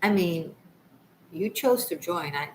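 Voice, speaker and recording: A woman's voice: fairly low pitch, expressive, slow, slight background noise, low-quality recording. A woman from Israel hosting a tarot livestream, chatting casually with viewers in a rambling, laughing way. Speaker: tarot reader and livestream host.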